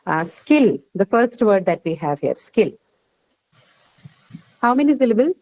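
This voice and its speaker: A woman's voice: mid-range voice, sing-song, a little slow, warm tone, poor audio. Patient Indian woman teaching phonetics. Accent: Indian English. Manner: patient, explanatory, checks understanding with frequent "right?" and "okay". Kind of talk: classroom lecture on phonetics. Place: classroom.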